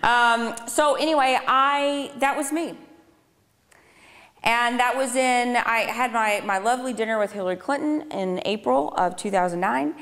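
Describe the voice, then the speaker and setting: A woman's voice: fairly high pitch, normal speed, fairly bright tone. A woman in her thirties giving a conversational personal testimony to a live audience, with dry sarcastic asides. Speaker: public speaker. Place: lecture hall on a speaking tour. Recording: reverberant hall sound.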